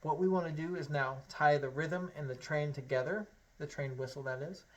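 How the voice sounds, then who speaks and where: A man's voice: a little high, moderate pace, muffled recording. A man teaching a harmonica lesson, encouraging and upbeat, talking straight to the learner. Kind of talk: friendly instructional lesson.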